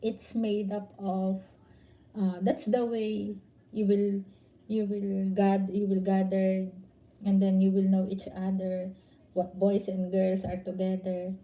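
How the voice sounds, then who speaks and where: A middle-aged Filipino woman chatting casually to her viewers in accented English, often pausing to search for words. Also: medium pitch, completely flat delivery, dark tone, low-quality recording. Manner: halting, searches for words, mixes in Tagalog. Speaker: vlogger.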